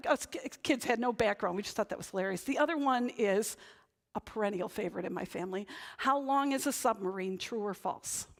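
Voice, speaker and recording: A woman pastor giving a conversational sermon, often tagging her points with "right?". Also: medium pitch. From Northern New England. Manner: conversational, chatty, frequent "right?" tag questions. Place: church.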